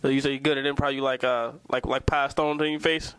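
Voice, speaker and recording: A man's voice: medium pitch, little pitch movement, fast, a bit bright, clean tone, dry recording. A male host leading a casual interview, playful and teasing.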